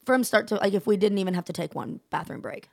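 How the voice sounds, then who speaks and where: Gravelly-voiced woman podcast host. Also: mid-range voice, quick pace, no echo, studio quality. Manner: emphatic, animated storytelling. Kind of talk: casual chat.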